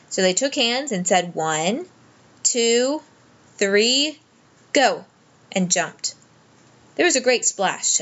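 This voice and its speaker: A woman narrating a children's storybook aloud in a gentle, measured way. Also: mid-range voice, dull audio. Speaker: audiobook narrator.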